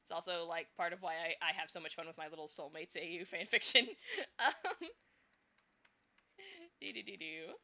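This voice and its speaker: A young woman with a lowish, sharp-toned voice speaks at normal speed and pauses often. She's a streamer and fan artist chatting casually and thinking out loud while drawing, giggling often between filler words.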